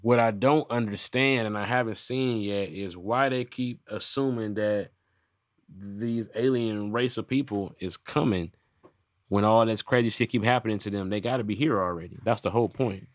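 A man hosting a podcast in casual chat, given to loud joking roasts and bursts of laughter. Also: fairly low pitch, moderate pace, dry recording, studio quality. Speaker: podcast host.

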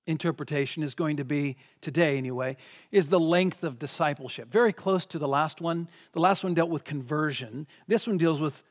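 A man delivers a sermon in a church sanctuary with a high, emphatic voice. He stresses his points and repeats words as he pushes an argument. The sound carries a long hall reverb. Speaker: pastor.

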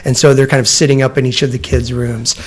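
A man's voice: mid-range voice, flat delivery, fast talker, slightly rough. A man in his forties giving a personal talk as a professor, rambling and restarting often, growing emotional as he speaks. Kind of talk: lecture with personal stories. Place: lecture room.

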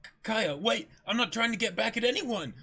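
A man's voice: high-pitched, lively intonation, fairly quick, creaky, pushed and bright, heavily acted. A man voicing a desperate teenage boy, pleading urgently and stammering, in a dramatic comic reading.

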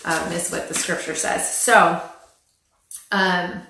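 A woman's voice: on the low side, steady tone, slow pace, creaky, bright, forceful tone, a little hiss or hum. A woman giving casual spoken Bible teaching, chatty and wry, retelling scripture with dry sarcasm and frequent filler words. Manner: frequent "um" fillers and light laughs. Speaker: Christian family Bible teacher. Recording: very echoey room.

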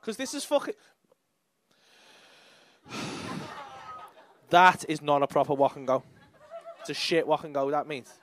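A man's voice: a little high, big pitch swings, measured pace, pauses often, fairly bright tone. A young man with a Liverpool accent doing brash, sweary crowd work as a stand-up comedian on a club stage. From England.

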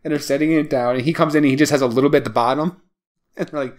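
A small-town man co-hosts a podcast, chatting casually about a film in a slightly high, fairly even voice at a racing pace. He rambles along with lots of fillers and laughs often.

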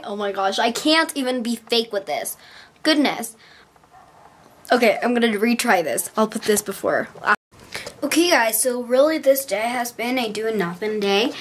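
A woman's voice: a little high, moderate pace. Gushing young woman vlogging in a car. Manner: gushing and excitable, rambling. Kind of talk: casual vlog chat. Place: inside a parked car. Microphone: handheld compact camera.

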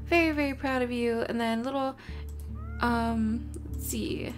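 A woman's voice: fairly high pitch, fairly even intonation, measured pace. A young woman casually narrating her game, chatting to her creatures and easily flustered. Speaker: gaming channel host. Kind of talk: casual let's-play commentary. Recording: soft music behind.

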